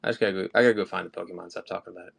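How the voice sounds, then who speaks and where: A man's voice: deep voice, fairly even intonation, very fast, gravelly, fairly bright tone, husky. A man hosting a live collectibles sale, chatting casually and rambling off topic between items. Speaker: live-stream collectibles seller. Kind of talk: casual live-stream chat.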